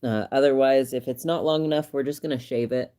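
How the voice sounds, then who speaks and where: A man chatting on his own livestream in a medium-pitched voice, relaxed and rambling. He laughs often and gets lively and animated when he retells a funny moment. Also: fairly quick, clear, resonant tone. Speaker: livestream host. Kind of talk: casual livestream chat.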